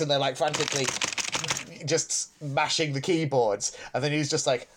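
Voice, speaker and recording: Reviewing a TV episode on a podcast, a co-host chats casually and sarcastically, laughing frequently. His medium-pitched voice stays fairly even at normal speed, with slight hiss or hum.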